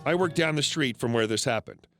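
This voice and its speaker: A man narrating online stories in a steady, scripted storytelling read. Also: mid-range voice, brisk. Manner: steady storytelling read with lively swings into quoted characters. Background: faint background music.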